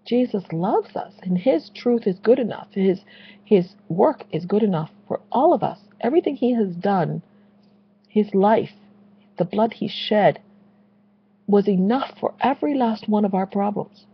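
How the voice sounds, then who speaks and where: A woman's voice: medium pitch, animated, unhurried, slightly rough, dull audio. A woman delivering an impassioned, preachy religious rant, repeating phrases for emphasis. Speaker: Christian video blogger.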